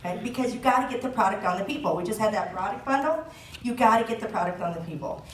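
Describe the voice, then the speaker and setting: A woman in her thirties leads a sales team training, chatty and full of jokes and laughter. Her middle-pitched voice is caught from some distance, bouncing around a roomy space. A faint ambience sits behind her. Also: animated, fast, slight background noise. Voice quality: chatty, joking, laughs often. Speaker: direct sales team leader giving a training talk. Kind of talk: chatty live presentation.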